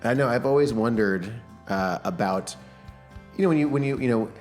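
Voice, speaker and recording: Podcast host, male, New Jersey accent, relaxed chatty delivery, quick to laugh. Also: mid-range voice, soft background music. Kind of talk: casual chat.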